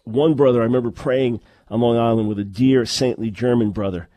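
A middle-aged man delivers a teaching sermon, pressing his point with repeated rhetorical questions and quick restarts. His voice sits at an ordinary male pitch. The sound is dry and close, with no room echo. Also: steady tone, dark tone. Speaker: preacher.

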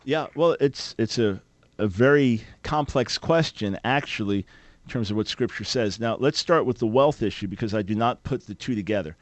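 A man's voice: lowish voice, moderate pace, no echo. A man hosting a call-in radio talk show, speaking in an earnest, emphatic, preacher-like way into a studio microphone.

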